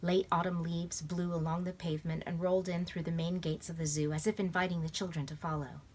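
Expressive female storybook reader, lowish voice. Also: fairly quick. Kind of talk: reading a children's novel aloud. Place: at home in bed.

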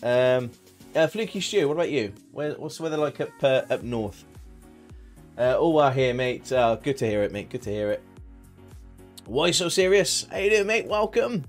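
A man's voice: mid-range voice, expressive, moderate pace, faint music behind. A man, streaming a farming game and chatting casually with his viewers, greeting them by name. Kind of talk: casual live-stream chat.

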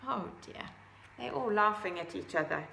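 A woman reading a children's picture book aloud, gently adding her own asides about the pictures. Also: medium pitch, expressive, normal speed, vocal fry, slight background noise, low-quality recording. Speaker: storybook reader.

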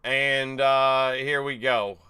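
A man's voice: medium pitch, level tone, takes it slowly, bright, forceful tone, clean tone. A man hosting a casual livestream giveaway, reading out viewer names and chatting easily. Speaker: livestream host.

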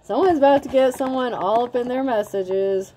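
A woman's voice: on the high side, normal speed, warm tone, slight background noise. A woman in her thirties giving a casual tarot reading in a blunt, chatty way, swearing freely. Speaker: tarot reader.

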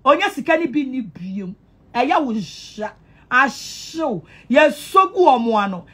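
A woman with a Ghanaian accent delivers a taunting monologue to camera, mocking and repetitive with a sing-song delivery and loud outbursts. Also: sits high, animated, slow pace, breathy edge.

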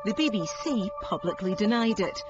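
A narrator reading a scripted documentary in a measured, grave way. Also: medium pitch, animated. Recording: dull audio under music. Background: music bed.

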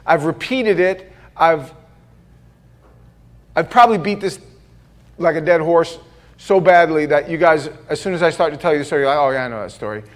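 A man preaching a sermon in a church, telling stories in an animated way and joking at his own expense. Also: fairly high pitch, moderate pace, pauses often. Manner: animated storytelling with self-deprecating jokes. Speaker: pastor. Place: church sanctuary.

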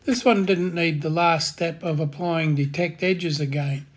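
A man hosting a step-by-step software tutorial, giving calm, plain instructions in a voice-over. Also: a little high, measured pace, breathy edge. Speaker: tutorial host.

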